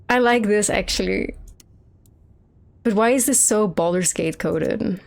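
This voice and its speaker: A young woman streamer talks through her screen in loose, rambling commentary. She swears freely and reacts with blunt opinions, her voice at an ordinary middle pitch. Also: unhurried, pauses often. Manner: rambling, swearing, laughing often. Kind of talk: casual gameplay commentary.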